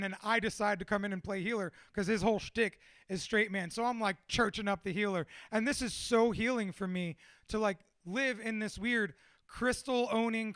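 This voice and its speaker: A tattoo artist appearing as a podcast guest tells stories in a casual chat, swearing constantly and laughing through them in a profane, animated way. His voice sits high and sounds clear and resonant, captured in studio quality with no echo.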